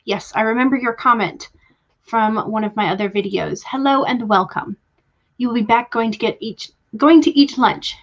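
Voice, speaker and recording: A woman's voice: fairly high pitch, moderate pace. Young Southern woman, casual stream host, friendly chatter, muffled lo-fi audio. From Georgia, US. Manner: chatty, greets viewers by name, laughs often. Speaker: livestream host. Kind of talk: casual livestream chat.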